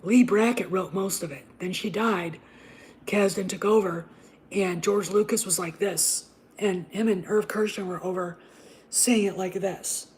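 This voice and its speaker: A woman host delivers an unscripted, profane rant at a mid pitch. She repeats herself for emphasis. She swings between a breathy unvoiced whisper and sudden loud bursts. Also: fairly even intonation, measured pace. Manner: drops to an unvoiced whisper and back. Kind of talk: ranting casual commentary.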